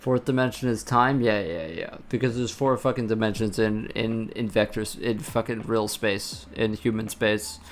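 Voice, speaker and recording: A man's voice: fairly low pitch, fairly even intonation, moderate pace, hardly any pauses, a little hiss or hum. A man streaming himself programming, muttering and swearing in exasperation as he reads error messages aloud. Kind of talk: frustrated live-coding commentary. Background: soft lo-fi music and keyboard typing.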